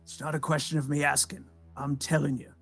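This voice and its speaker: A man playing a tabletop game, delivering loud, commanding in-character lines. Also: on the high side, little pitch movement, brisk, creaky, faint music behind. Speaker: player.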